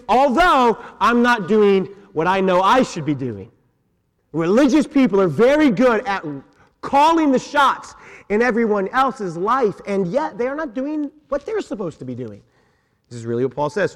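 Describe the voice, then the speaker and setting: A man's voice: extremely high pitch, sing-song, measured pace, fairly bright tone. A man preaching a sermon as senior pastor, emphatic, repeating key words and asking his congregation questions. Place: church sanctuary. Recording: long church reverb.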